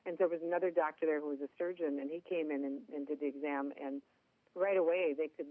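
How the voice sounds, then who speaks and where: A woman's voice: sits low, fairly even intonation, fast talker, no room sound. Woman guest, Minnesota accent, folksy and joking, heard down a phone line. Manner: chatty, self-deprecating humor. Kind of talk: phone interview. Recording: tinny dry phone line.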